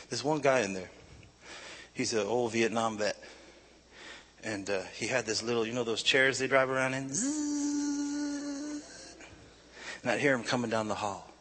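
A man preaching a sermon, telling his own story in a confessional way that builds to loud, shouted preaching. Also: mid-range voice, slightly rough. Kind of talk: sermon testimony.

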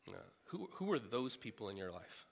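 A man's voice: fairly low pitch, very animated, a little fast, creaky, long reverb tail. A man preaching a sermon in a large room, earnest and emphatic, repeating phrases for stress.

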